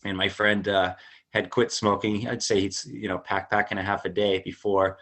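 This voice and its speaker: A middle-aged man, a podcast guest telling a long personal story with animated quoted voices and frequent fillers. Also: on the low side, normal speed. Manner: many fillers and restarts. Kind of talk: casual storytelling.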